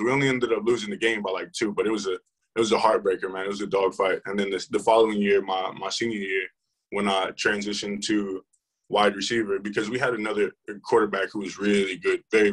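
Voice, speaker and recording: A man's voice: on the low side, fairly bright tone, poor audio. A young man, a football player, telling his story in a casual interview, rambling with many fillers and restarts.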